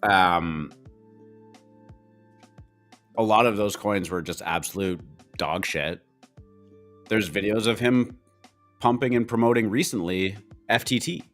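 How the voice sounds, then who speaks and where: A man's voice: on the low side, takes it slowly, long pauses, fairly bright tone, soft background music. A man with a Canadian accent co-hosting a podcast, talking bluntly in a rambling, casual way full of fillers. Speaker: co-host.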